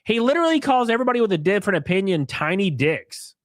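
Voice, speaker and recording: A man's voice: high-pitched, fast talker, no echo, studio quality. A man live-streaming, reading posts aloud and ranting at them in a mocking, profane way while drinking. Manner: mocking, profane, animated rants.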